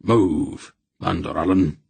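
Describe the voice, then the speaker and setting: A man voicing a fierce, protective sorceress who scolds in a sharp, raised voice. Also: sits low, slow pace, gravelly, husky, no room sound, full character voice. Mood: commanding.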